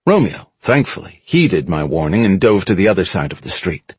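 A man narrating an action story in the first person as an audiobook, dramatic and expressive. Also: sits low, normal speed, husky, dry recording.

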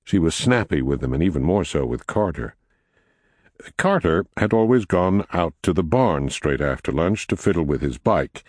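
A man narrating a novel in a measured storytelling manner, recorded on a close mic. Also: dry recording. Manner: measured storytelling with expressive pitch. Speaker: audiobook narrator. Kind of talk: scripted narration.

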